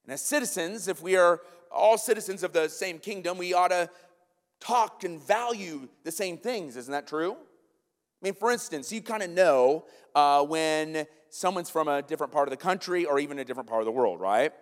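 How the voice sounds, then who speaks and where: An American man preaching a sermon as pastor, lively and conversational, checking in with the congregation with frequent asides. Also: on the high side, moderate pace. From United States. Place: church sanctuary. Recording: long hall reverb in a sanctuary.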